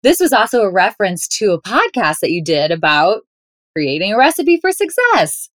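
A woman's voice: medium pitch, very animated, moderate pace, no echo, studio quality. A woman guest on a podcast interview, talking in an upbeat, playful way. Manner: upbeat, playful, laughs often. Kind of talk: interview, conversational.

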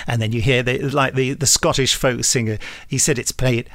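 A man's voice: mid-range voice, steady tone, normal speed, few pauses, fairly bright tone, dry recording, clean studio sound. A man with an English accent, a podcast guest chatting casually and animatedly, full of restarts and asides.

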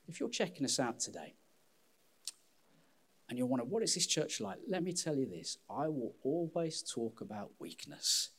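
A man preaching a sermon as pastor, candid and self-deprecating, with an animated delivery. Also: medium pitch, moderate pace, husky.

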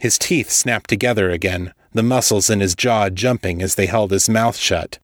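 Man, storyteller, low voice, measured scripted narration, dry close recording. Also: dry recording. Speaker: storyteller, podcast host.

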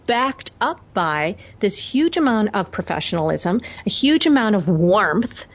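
A woman guest speaking as a vocal coach in an interview, warm and emphatic. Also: medium pitch, sing-song, unhurried. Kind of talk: interview talk. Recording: dull lo-fi audio.

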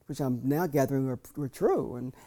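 Man, 50s, mellow warm voice, folksy storyteller with loose restarts. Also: medium pitch, fairly quick. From Southern US. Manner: folksy, frank, frequent restarts. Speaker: speaker reading from his memoir. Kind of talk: storytelling talk.

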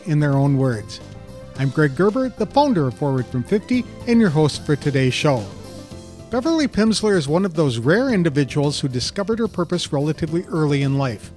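A man's voice: on the high side, darkish tone. An older man hosting an interview podcast, reading an earnest scripted introduction before chatting with his guest. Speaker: podcast host.

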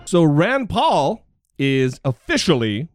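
Lively, sarcastic male podcast host. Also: fairly high pitch, slow, dry recording, clean studio sound, soft background music. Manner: sarcastic, outspoken. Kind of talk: casual political chat.

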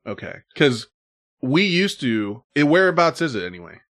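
A man's voice: mid-range voice, very animated, moderate pace, a bit bright. A man hosting a casual chat, telling stories animatedly and laughing often.

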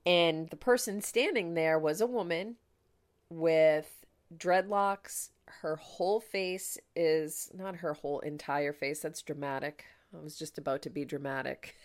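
Low-voiced woman telling a story. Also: measured pace. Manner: candid, emotional, chatty with many fillers. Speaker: podcast host. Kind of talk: personal storytelling.

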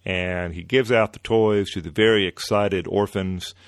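A man hosting a podcast, retelling an old comic-book story in a relaxed way with many fillers. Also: sits low, unhurried, no room sound, clean studio sound. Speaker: podcast host.

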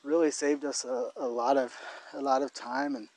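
A man co-hosting a casual conversational podcast, talking in a thoughtful, halting way and often restarting his phrases. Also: mid-range voice, fairly even intonation, a little mellow. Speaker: podcast co-host.

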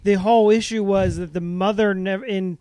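A man in a casual podcast chat, calmly setting the record straight on plot details. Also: high voice, brisk, smooth, dry recording. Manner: matter-of-fact, explains plot details. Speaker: podcast co-host.

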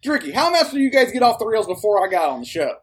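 A man's voice: high-pitched, very animated, fast. A man co-hosting a casual podcast, laughing often and teasing the others. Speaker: podcast co-host.

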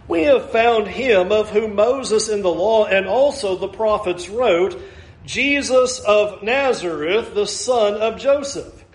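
A man preaching a sermon in an animated way, acting out the voices he quotes. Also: sits high. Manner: animated, acts out quoted voices, wide swings in pace. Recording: echoey room.

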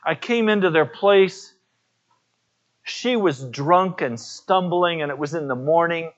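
A man's voice: a little high, measured pace, muffled recording. A man preaching a sermon as pastor, telling personal stories in an earnest way.

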